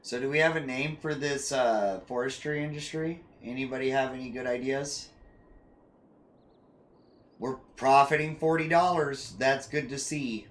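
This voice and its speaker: A man's voice: medium pitch, measured pace, slight background noise. A man streaming a city-building game, casually thinking aloud and asking his chat for ideas. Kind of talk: casual gameplay commentary.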